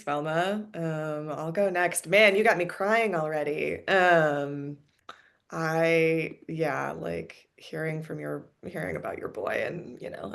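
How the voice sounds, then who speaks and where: Middle-aged woman, really low gravelly voice, slow and hesitant, lots of ums. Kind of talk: casual conversation.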